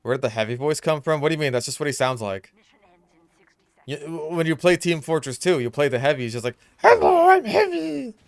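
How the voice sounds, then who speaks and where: A young man giving casual, chatty commentary over his own gameplay, now and then bursting out in loud reactions. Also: mid-range voice, quick pace, smooth, dry recording. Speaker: gaming YouTuber.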